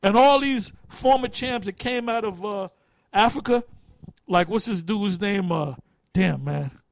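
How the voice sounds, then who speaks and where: A man with a high, lively voice preaches to his group in blunt, profane street talk. He often stalls mid-sentence hunting for a word, then presses on. The sound is dry and close. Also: unhurried, vocal fry, dry recording. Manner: loses words and restarts while thinking aloud. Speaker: teacher leading a group study.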